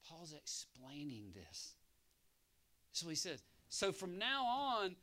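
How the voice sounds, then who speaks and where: A man preaching a sermon in a high, bright voice. He swings between quiet, low-key storytelling and loud, ringing exhortation. He keeps drawing his congregation in with calls for an amen. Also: slow pace.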